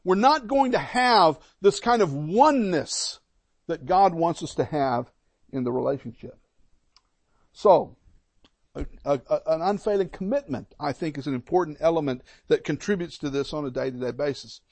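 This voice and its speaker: A man's voice: fairly high pitch, normal speed, no room sound. A middle-aged man preaching a sermon as a pastor, emphatic and repeating key points. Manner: emphatic, repetitive, animated.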